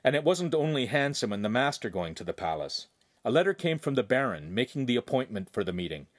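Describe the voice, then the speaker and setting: A man narrating a novel with an animated, expressive delivery. The recording is dry and close, with no room sound. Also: mid-range voice, brisk, no echo. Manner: expressive storytelling. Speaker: audiobook narrator. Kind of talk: scripted narration.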